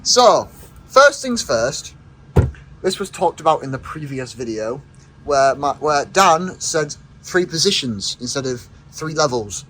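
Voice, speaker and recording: A man lays out a car's specs plainly and steadily while his co-host jokes around. His voice is slightly high for a man, with faint outdoor noise behind him. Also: sing-song, a little slow, a bit bright, rough recording. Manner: matter-of-fact, explains specs. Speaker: car reviewer. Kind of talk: casual car review.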